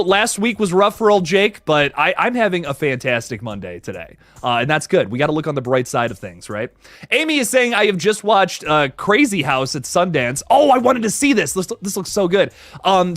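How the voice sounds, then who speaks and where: Young male streamer, upbeat and slangy, pitched a bit high and very animated. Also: no echo. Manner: upbeat, chatty, laid-back slang. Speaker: livestream host reading chat. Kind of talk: casual live chat.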